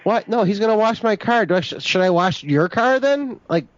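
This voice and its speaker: A man's voice: high voice, expressive, brisk. A man making a prank phone call, stammering and indignantly confused. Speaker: prank caller.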